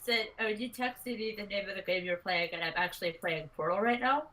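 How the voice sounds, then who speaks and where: A woman's voice: medium pitch, a little fast, fairly bright tone, rough recording. A woman friend on a live stream making laid-back small talk about the games she plays. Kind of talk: casual chat.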